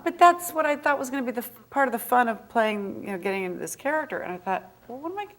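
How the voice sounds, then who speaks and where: A woman from the northern United States, a guest actress answering audience questions in a chatty, anecdotal way, animated and often laughing. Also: fairly high pitch, fast talker. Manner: animated, laughing, acts out quoted voices.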